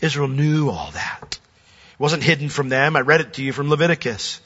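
Brief: animated male preacher, somewhat high and bright, booming hall reverb. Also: normal speed, breathy edge. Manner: animated, acts out quoted voices. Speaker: pastor. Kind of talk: sermon. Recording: dull recording with long hall reverb.

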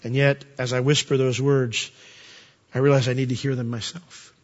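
The sermon comes in a mid-range voice at a moderate pace with little pitch movement. The pastor keeps it conversational, with humor and frequent rhetorical questions, recorded in dull lo-fi audio in an echoing hall.

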